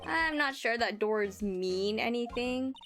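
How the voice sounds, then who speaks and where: A woman's voice: on the high side, lively intonation, slow, fairly bright tone, faint music behind, heavily acted. A woman voicing a young male defense attorney in a game, with dry, skeptical remarks. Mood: wry. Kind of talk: game dialogue read aloud.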